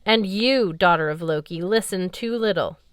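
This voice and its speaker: A woman's voice: on the low side, moderate pace, clean tone, dry recording, studio quality, lightly acted. A woman doing a curt young warrior woman. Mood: exasperated. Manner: curt, scolding. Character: blunt young woman warrior, exasperated and commanding.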